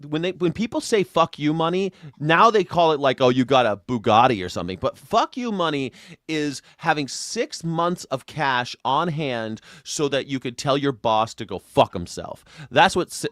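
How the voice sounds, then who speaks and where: A man hosting a live call-in show, rambling and excitable, swearing freely as he talks. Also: fairly high pitch, no echo, studio quality. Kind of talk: casual call-in chat.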